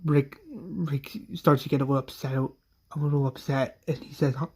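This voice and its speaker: A man's voice: mid-range voice, level tone, a little fast. A man casually retelling a story, rambling with fillers and acting out characters.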